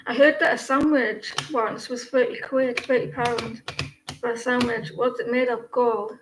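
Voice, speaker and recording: A woman's voice: fairly high pitch, fairly even intonation, a little slow. A woman giving casual tarot readings on a live stream, chatty and rambling, often laughing. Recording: echoey room, faint noise.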